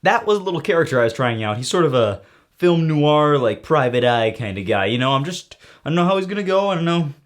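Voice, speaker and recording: A man's voice: a little high, sing-song, quick pace. Goofy rambling man answering questions. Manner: goofy, rambling, jokey asides. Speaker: video creator answering viewer questions. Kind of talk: casual Q&A vlog.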